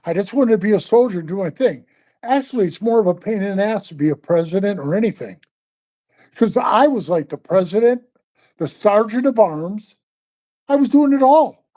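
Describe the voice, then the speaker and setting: An older man tells a long story in an easy, profane ramble, stopping often to call the listener bro. His voice has a dark, relaxed tone. It sounds like an unscripted sit-down interview. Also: high-pitched, moderate pace. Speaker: interview guest, former biker club member.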